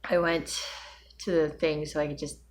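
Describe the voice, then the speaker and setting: A weary middle-aged woman with a migraine rambles through her day in a low voice, sighing and laughing softly now and then. Her talk drifts and repeats as she goes. A faint hum of room sound sits under her voice. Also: little pitch movement, normal speed. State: tired with a migraine. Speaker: vlogger. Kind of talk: casual personal vlog.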